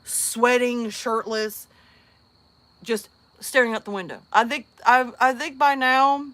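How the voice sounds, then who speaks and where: A woman hosting her channel, telling a story in a casual, animated way, laughing often and acting out other people in squeaky voices. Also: takes it slowly. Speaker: channel host.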